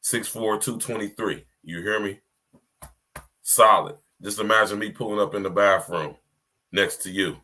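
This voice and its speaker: A man's voice: on the low side, moderate pace, pushed and bright. A man hosting a podcast livestream, talking straight to his listeners in a rambling, emphatic monologue and often asking if they hear him. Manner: direct address to listeners, repetitive. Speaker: podcast host.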